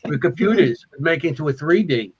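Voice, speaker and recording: Man, somewhat high voice, excited rambling, lots of fillers, muffled audio. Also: fairly quick, slightly rough. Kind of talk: casual podcast chat.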